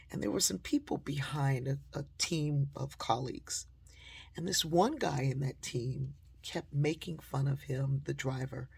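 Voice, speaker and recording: A woman giving a storytelling talk, animated and acting out the dialogue she quotes. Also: deep voice, creaky, slightly rough. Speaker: motivational speaker.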